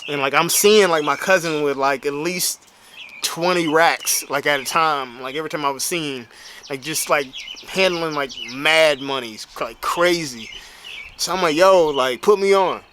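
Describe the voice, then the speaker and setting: A bodybuilder and motivational speaker tells a story in a casual, slang-heavy way, peppering it with "you know what I'm saying." His voice is a little high and his pace measured, with a noisy background behind him.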